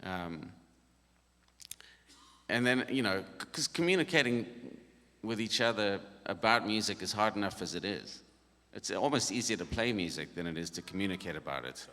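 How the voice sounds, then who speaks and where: A man's voice: on the low side, animated, moderate pace, sharp tone. Easygoing man in a reverberant hall. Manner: easygoing and jokey, with frequent laughs. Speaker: worship leader leading a band workshop. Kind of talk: casual workshop talk. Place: conference hall.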